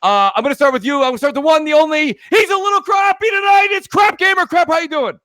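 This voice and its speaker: A man hosting a live gaming podcast with a high, light voice and a dry, close sound. He talks in an upbeat, jokey way and rambles through his guest introductions. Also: fast, sharp tone, no echo. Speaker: podcast host. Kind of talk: casual live podcast chat.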